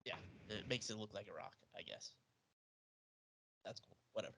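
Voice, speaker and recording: A man's voice: on the low side, moderate pace, creaky, a bit bright, slight background noise. A man hosting a podcast, recapping a film in sarcastic, jokey casual chat. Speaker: podcast host.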